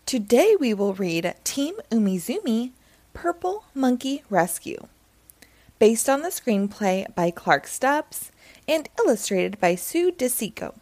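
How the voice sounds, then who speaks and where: A woman reading a children's picture book aloud, gentle and expressive. Her pace is slow and her pitch rides up and down in a lively way. The sound is dry and close. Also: no room sound. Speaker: storyteller.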